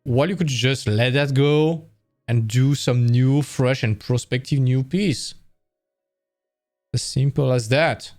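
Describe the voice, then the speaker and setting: Brief: tired male art-stream host, mid-pitched voice, loose rambling chat, faint music behind. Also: takes it slowly, darkish tone. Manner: rambling, self-correcting, conversational. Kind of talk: casual live-stream talk.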